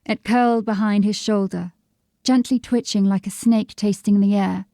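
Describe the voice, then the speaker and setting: A woman narrates a fantasy audiobook in a measured, descriptive way. Her voice is mellow and warm, and it sits at a middle pitch. The recording is dry and close. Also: fairly even intonation, dry recording. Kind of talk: scripted narration.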